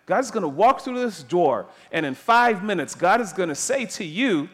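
A man preaching a sermon, emphatic and animated, dropping soft and then rising loud. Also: high voice, moderate pace, few pauses.

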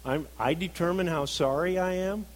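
Earnest male preacher, slightly raised pitch. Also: moderate pace, low-quality recording. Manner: earnest, swings between emphatic and soft, reflective. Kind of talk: sermon.

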